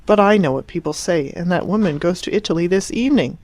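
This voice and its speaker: An imperious upper-class English mother, clipped and commanding, her voice climbing high when she presses her point, as a woman reading the book puts her on. The sound is close and dry, with no room around it. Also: lively intonation, fast, darkish tone, no room sound. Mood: insistent.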